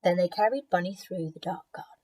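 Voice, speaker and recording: A woman teacher reading a picture book aloud to children, expressive and gentle, with chatty asides. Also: lowish voice, a little fast.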